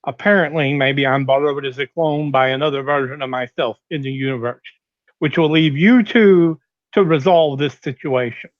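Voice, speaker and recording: A man's voice: on the high side, normal speed, dry recording, lo-fi sound. A man playing a tabletop game, laying out his plan plainly and decisively. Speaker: player.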